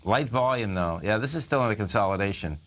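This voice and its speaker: A man's voice: on the low side, animated, fast, a bit bright. A male talk radio host giving casual, rambling stock market commentary.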